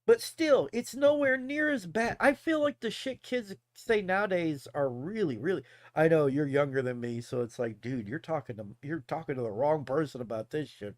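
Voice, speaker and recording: Lively, profane middle-aged man ranting. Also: sits high, dry recording, studio quality. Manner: profane, rambling, laughs often. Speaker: live streamer. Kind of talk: casual rant.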